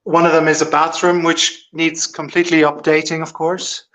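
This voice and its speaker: A man's voice: on the high side, normal speed. A man on a video call giving a casual, hesitant tour of an old house he is standing in. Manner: relaxed, hesitant, with frequent ums. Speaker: guest on a live video link.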